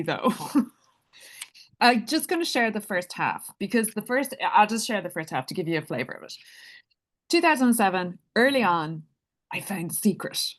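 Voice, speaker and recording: A woman telling a personal story in a casual, chatty way, laughing often and leaning on "like". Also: mid-range voice. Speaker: spiritual speaker.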